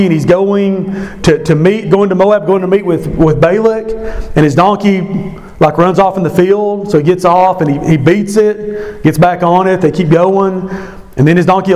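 A man's voice: high voice, moderate pace, a little mellow. A man retelling a scripture story to an evening Bible study, conversational and emphatic. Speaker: Bible teacher.

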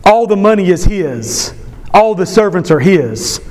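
Male pastor, sermon delivery: unhurried, emphatic, repeats lines and calls for responses. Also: high-pitched, sing-song, a little mellow, in a large hall. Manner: emphatic, repeats key phrases, leads call-and-response.

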